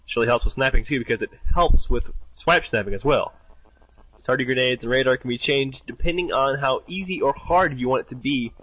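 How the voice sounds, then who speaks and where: Young male podcast co-host reading out fan entries, dry close sound, mid-pitched. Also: a little fast, a bit bright, no room sound, dull audio. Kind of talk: casual gaming podcast chat.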